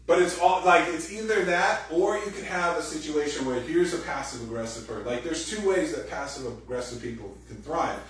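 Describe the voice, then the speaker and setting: A man giving a sermon as pastor, animated and conversational, acting out quoted voices loudly. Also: on the high side, brisk, hardly any pauses. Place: church hall. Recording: very echoey room, distant mic, faint noise.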